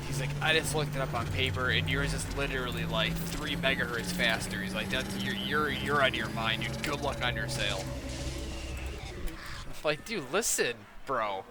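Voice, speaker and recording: A man's voice: medium pitch, normal speed, very noisy. A man chatting casually while playing a game, ranting and swearing as he retells an argument. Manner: profane, ranting, quoting others in a mocking tone. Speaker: gaming streamer. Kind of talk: casual gameplay chat.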